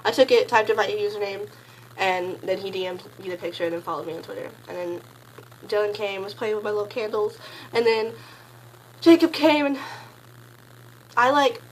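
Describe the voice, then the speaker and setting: A teenage girl telling a story in a casual vlog, gushing and rambling, packing her sentences with "like" and jumping into excited high squeals. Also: moderate pace, pauses often, slight background noise, poor audio. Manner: gushing, rambling, heavy use of "like"; bursts into high excited squeals when quoting. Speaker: concert fan recounting a meet and greet.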